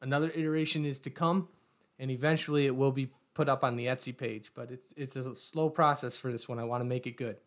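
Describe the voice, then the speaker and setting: A man's voice: medium pitch, steady tone, fast. A man co-hosting a casual podcast, upbeat and joking as he shows off a project. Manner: upbeat, joking, showing off a 3D print. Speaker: podcast co-host.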